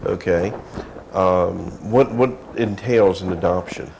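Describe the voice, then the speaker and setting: A man's voice: low-pitched, slow pace, gravelly, noisy background. A man hosting a casual local TV chat in a folksy, chatty way. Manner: folksy, chatty, says y'all. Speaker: TV show host.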